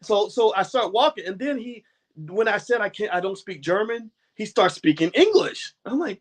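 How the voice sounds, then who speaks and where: American male host, high voice, animated motivational talk with laughs. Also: normal speed. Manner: animated, preachy, laughs often, swears casually. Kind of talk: motivational talk and book reading.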